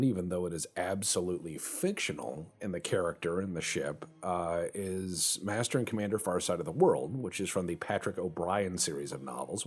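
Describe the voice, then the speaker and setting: A man's voice: sits low, darkish tone, slightly rough. A man chatting casually and rambling while commentating a strategy game, swearing now and then. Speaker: gaming channel host.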